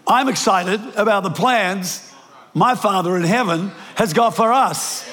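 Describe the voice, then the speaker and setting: A man's voice: high voice, a little slow, bright, forceful tone. An older man with a New Zealand accent preaching a sermon, telling stories with lots of restarts and self-deprecating asides. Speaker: pastor. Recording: preached in a large reverberant hall.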